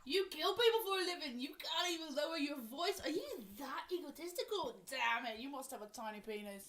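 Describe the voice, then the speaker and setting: A woman's voice: high voice, expressive, fairly quick, fairly bright tone. A woman playing a brash, foul-mouthed mocker. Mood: mocking. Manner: taunting, crude.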